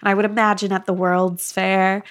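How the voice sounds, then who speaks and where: A woman's voice: medium pitch, little pitch movement, normal speed. A woman from Wisconsin with a mid-range voice, co-hosting a casual podcast. She is chatty and agreeable, often laughing between remarks. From Wisconsin, USA. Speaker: podcast co-host.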